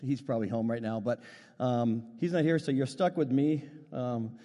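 A man's voice: medium pitch, moderate pace, dark tone, in a large hall. A man preaching as a youth pastor, with a casual, rambling style full of restarts and funny stories, and allergies making him cough. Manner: rambling, restarts often, storytelling with humor. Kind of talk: sermon.

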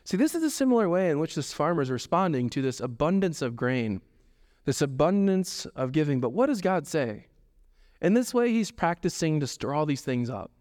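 Pastor, male, 30s: lively sermon delivery, fairly high, smooth voice, long hall reverb. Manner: animated, acts out quoted voices with pitch jumps.

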